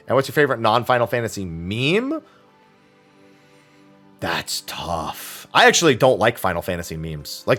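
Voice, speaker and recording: A man's voice: on the low side, fairly bright tone. A man streaming a weekly Q&A, talking casually and rambling with lots of fillers, restarts and casual swearing. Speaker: streamer answering viewer questions. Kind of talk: casual chat.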